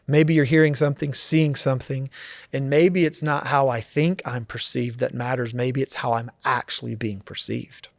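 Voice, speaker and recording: A man's voice: mid-range voice, gravelly, no room sound, studio quality. A man in his forties, a pastor, talking earnestly and reflectively about marriage in a podcast conversation.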